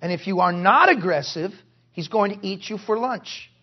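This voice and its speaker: A man preaching at a conference in a strikingly high, husky voice. He drives his points hard but breaks into wry jokes along the way. The recording sounds dull and lo-fi. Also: animated, normal speed. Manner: forceful preaching with joking asides. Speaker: pastor. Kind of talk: sermon. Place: conference hall.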